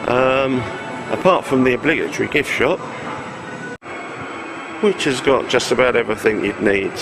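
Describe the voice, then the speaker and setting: A man's voice: medium pitch, normal speed, vocal fry, over music. A man chatting casually with hesitant fillers as he walks around a racetrack outdoors. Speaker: vlogger on a track visit. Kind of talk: casual walk-around narration. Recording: outdoor traffic and car noise.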